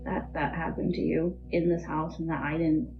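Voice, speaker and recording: A young woman with a somewhat low voice and a gravelly edge, talking haltingly as she recounts personal hardship. The recording is dull and muffled, with faint music underneath. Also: flat delivery. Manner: halting, full of "like" and "um". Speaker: interview guest. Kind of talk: emotional personal testimony.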